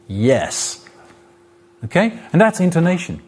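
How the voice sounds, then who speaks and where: Man, lecturer, live talk in a hall, middle-pitched voice, spoken examples. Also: animated, unhurried, a little mellow. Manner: explains with spoken examples and varied intonation.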